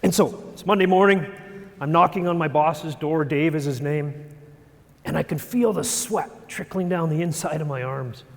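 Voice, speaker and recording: A middle-aged man giving a storytelling talk on stage, animated and self-deprecating. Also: fairly high pitch, moderate pace. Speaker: speaker. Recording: long hall reverb.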